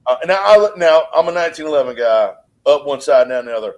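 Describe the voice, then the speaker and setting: Lively, teasing man in his fifties. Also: quick pace. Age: 50s. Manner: teasing, jumps up and down in pitch. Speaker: podcast co-host. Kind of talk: casual profane banter.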